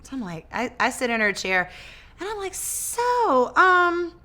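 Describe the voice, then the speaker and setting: A woman guest in a casual interview, telling her story in a lively way, acting out quoted dialogue and often restarting her words. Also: a little high, brisk. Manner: animated, acts out quoted dialogue. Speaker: interview guest, business owner.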